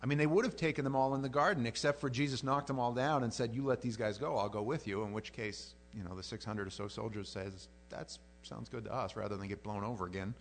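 A man delivers a sermon in a lively, conversational style, frequently starting his sentences over. His voice sits in the mid range, and there's a little background noise.

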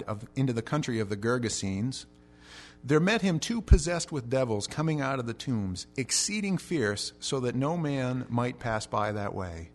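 A man preaching an expository sermon, telling the story with animated energy and shouting out the quoted lines. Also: medium pitch. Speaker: pastor.

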